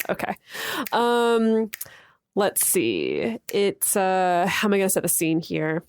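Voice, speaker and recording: A woman's voice: mid-range voice, very animated, slow, clean tone, no room sound. A woman co-hosting a podcast in casual chat, playful as she sets up scenes. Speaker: podcast co-host.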